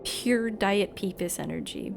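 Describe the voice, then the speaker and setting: A woman's voice: medium pitch, a little slow, gravelly, over music. A woman streamer chatting casually over gameplay, rambling and self-mocking while reading dialogue aloud.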